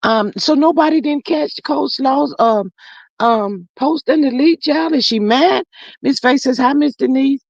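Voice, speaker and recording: A woman's voice: high voice, a little slow, gravelly, darkish tone, dry recording, lo-fi sound. A woman hosting a casual livestream, reading viewers' comments aloud and chatting with them affectionately, calling them honey and child. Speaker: livestream host reading chat.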